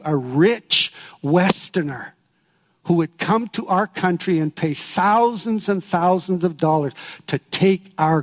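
A man preaching a sermon, telling stories and stressing key words with measured pauses. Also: high-pitched, big-room sound. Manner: preaching with storytelling and emphatic pauses. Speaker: pastor.

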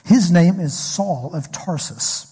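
Guy preaching a sermon, kinda high voice, long echo in a big hall. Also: lively intonation, slow pace, mellow, husky. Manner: storytelling, asks the congregation questions. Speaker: pastor. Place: church hall. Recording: echoey hall recording.

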